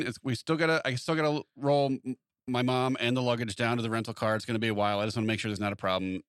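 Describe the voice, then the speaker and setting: Man, casual storyteller, talks fast, dry close mic. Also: medium pitch, clean tone, no echo. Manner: animated anecdote-telling, acts out quoted exchanges. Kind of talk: casual chat.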